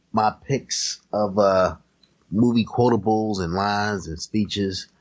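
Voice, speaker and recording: A podcast co-host chats loosely about movies, using plenty of profanity and fillers. His voice is lowish, and the audio sounds dull.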